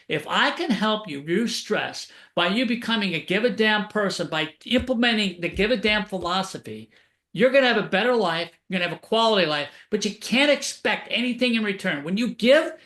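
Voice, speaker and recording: Guy guest on a radio interview, high bright voice, motivational stories, echoey room. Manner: upbeat motivational storytelling. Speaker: author and keynote speaker.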